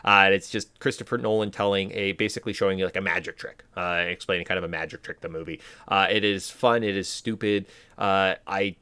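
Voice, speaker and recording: A man co-hosting a laid-back podcast, talking in a low voice. He rambles, leans on fillers and acts out quick mock quotes. The sound is dry and close, with no room around it. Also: steady tone, sharp tone, smooth, dry recording. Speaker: podcast co-host. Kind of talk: casual chat.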